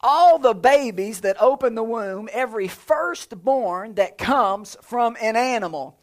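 A man in his thirties preaching a sermon in a lively, conversational way, with jokes and playful sound effects. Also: extremely high pitch, unhurried. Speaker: pastor.

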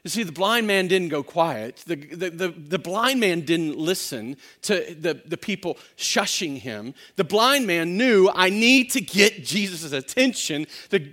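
A man's voice: on the high side, measured pace, few pauses. A male pastor preaching a sermon, telling a story with energy, acting out quotes and often restarting his sentences. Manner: animated storytelling, acts out quotes, frequent restarts.

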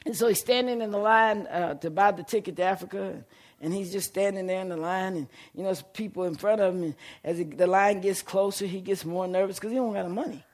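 A middle-aged man preaching a sermon, telling a story and calling out to the congregation, rising to shouts at the peaks. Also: sits high, fast. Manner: fervent call-and-response preaching, shouting at peaks.

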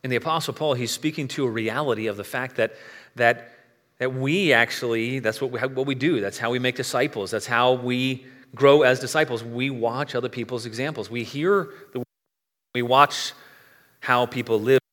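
A man's voice: medium pitch, steady tone, moderate pace, a bit bright. A man preaching a sermon as pastor, earnest and conversational, often restarting his sentences. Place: church sanctuary. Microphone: microphone, switched to a handheld. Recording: long reverb of a large church hall.

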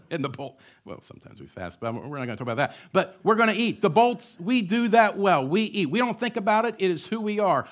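A man's voice: high-pitched, very animated, brisk. A male pastor in his thirties preaching a sermon in a church, with emphatic repetition and joking asides.

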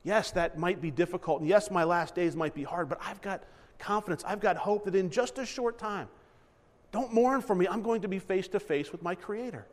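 A pastor with a high voice preaches a sermon conversationally at normal speed, acting out small asides and correcting himself mid-sentence. The recording has a big-room sound.

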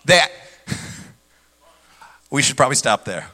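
A man preaching with a bright, ringing tone that sits high for a male voice. He drives the sermon with energy and slips into mocking impressions of skeptics. His voice trails a long reverb, as if filling a large church hall. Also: moderate pace. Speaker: pastor.

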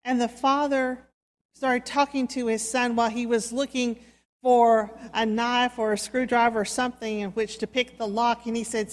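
A woman preacher giving a sermon, telling a story in a slow, soft, dramatic way. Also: a little high, flat delivery. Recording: reverberant hall.

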